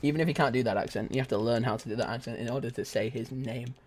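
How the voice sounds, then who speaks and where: A man's voice: medium pitch, rapid-fire. A young man streaming a shooter game, rambling goofily and breaking into squeals, laughs and bits of song. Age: young adult. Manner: goofy, rambling, bursts into shrieks, laughter and sung snatches. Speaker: gaming streamer. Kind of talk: casual live gameplay commentary.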